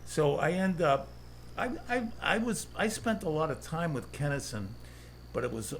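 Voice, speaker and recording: A man's voice: on the high side, big pitch swings, moderate pace, slight background noise. A man from Boston with a Boston accent, telling comedy-club stories in a rambling, profane way that is full of "you know" and "like.". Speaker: comedian guest. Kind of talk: casual chat, storytelling.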